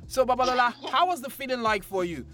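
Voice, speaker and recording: Animated man hosting a chat. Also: extremely high pitch, fast talker. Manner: playful, animated, laughs often. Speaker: host. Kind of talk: casual chat.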